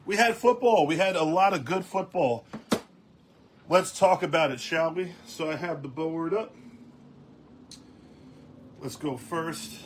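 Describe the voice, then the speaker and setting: Male sports-show host, casual and rambling, slightly high voice. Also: measured pace, pauses often, noisy background. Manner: rambling, lots of fillers and restarts.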